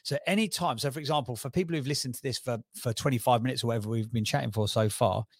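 A man with a Cockney accent, talking as a guest on a podcast interview, enthusiastic and persuasive with quick restarts. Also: medium pitch, no room sound, studio quality. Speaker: podcast guest, brand strategist.

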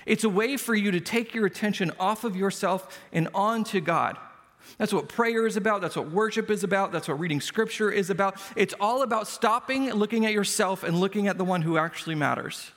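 A man with a high, light voice delivers a relaxed, conversational sermon. His words ring out with a long reverb through the church sanctuary. He makes his points with self-deprecating everyday stories. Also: brisk. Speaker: pastor.

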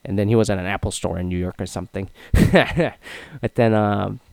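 A man's voice: lowish voice, steady tone, moderate pace, gravelly, a little mellow, no echo, rough recording. A man in his twenties rambling through an opinionated casual monologue, full of fillers. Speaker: sports commentator.

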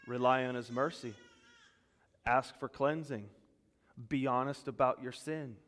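A male pastor preaching a sermon, animated, rising loud and emphatic when he voices God's words. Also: mid-range voice, a little slow. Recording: long hall reverb.

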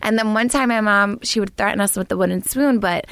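A young woman in casual podcast chat with a gravelly, fry-tinged voice. She tells childhood stories in a chatty, animated way. The sound is dry and close. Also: mid-range voice, a little fast, dry recording. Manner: chatty, animated storytelling with many "like"s. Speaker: podcast co-host.

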